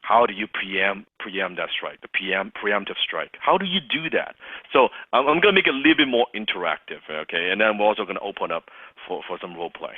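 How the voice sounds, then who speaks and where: A sales trainer leads an interactive coaching session for his team, pressing his main points hard and repeating them for the group. His voice sits fairly low, moves a little fast, and has a slight roughness. The audio is dry and tinny, like a phone call.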